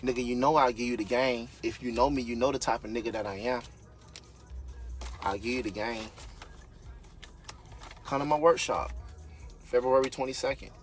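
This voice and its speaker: A man on a live stream, a real estate investor and business coach giving an unscripted, fired-up motivational rant, yelling and swearing bluntly. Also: medium pitch, normal speed, pauses often, faint music behind. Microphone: phone or webcam on a social media live stream.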